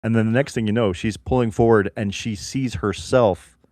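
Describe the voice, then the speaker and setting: A man's voice: fairly low pitch, steady tone, normal speed, a little mellow, dry recording. A man co-hosting a comedy podcast who riffs on jokes with a dry, playful manner. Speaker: podcast co-host. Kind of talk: casual comedy chat.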